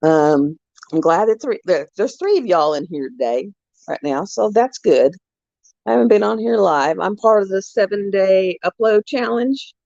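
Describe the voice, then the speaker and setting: A woman's voice: mid-range voice, expressive, normal speed, gravelly, a little mellow, no echo, dull audio. A middle-aged woman rambling through chatty stories while hosting a casual livestream. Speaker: livestream host. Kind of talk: casual chat while crafting.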